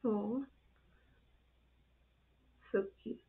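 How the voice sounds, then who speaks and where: A woman's voice: mid-range voice, extremely slow. A woman hosting her channel, giggling and gushing through casual reaction commentary on clips. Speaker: channel host reacting to videos. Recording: tinny phone-like sound.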